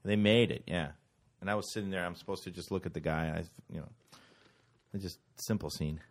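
A man on a podcast, telling a profane story in a casual, animated way. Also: deep voice, a little fast. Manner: profane, animated anecdote telling with mimicked quotes. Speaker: actor and podcast co-host.

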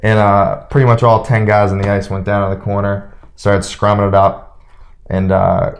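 A young man, a former hockey player, telling stories in a relaxed way as an interview guest and acting out what others said. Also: lowish voice, normal speed, vocal fry. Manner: relaxed storyteller who acts out quotes. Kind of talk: casual storytelling interview.

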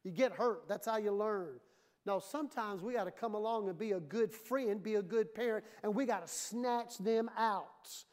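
A woman pastor delivers a sermon in a church with emphatic, conversational force. She asks her listeners direct questions and drops into quick acted-out voices to make a point. Her pitch sits in an ordinary middle range for a woman. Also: darkish tone. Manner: emphatic, conversational preaching that acts out quoted voices.

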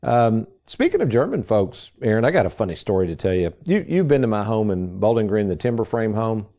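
A man's voice: on the low side, sing-song, a little fast, mellow. A man, hosting a financial radio show in a casual, folksy storytelling way. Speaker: financial advisor and radio host.

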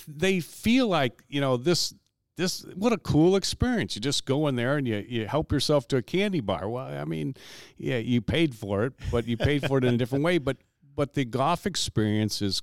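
A man in casual conversation whose pitch rises and falls a lot as he talks. He rambles, restarts his sentences and stacks up little asides. The sound is dry and close, with no room around it. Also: moderate pace, dry recording. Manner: rambling, with lots of restarts and lively pitch swings. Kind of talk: casual storytelling chat.

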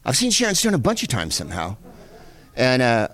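Mann erzählt lebhaft eine Anekdote. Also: male voice, medium pitch, fairly quick. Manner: animated anecdote-telling with asides and profanity. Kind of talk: casual storytelling.

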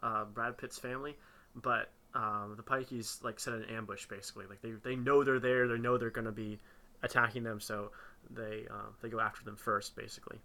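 A man talks through a film on a podcast in a loose, chatty way, leaning on "like" as a filler. His voice is very bright and cutting, and he grows animated when something in the plot bugs him. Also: mid-range voice, a little fast. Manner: chatty, uses "like" a lot, animated when critiquing. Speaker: podcast co-host. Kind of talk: casual film discussion.

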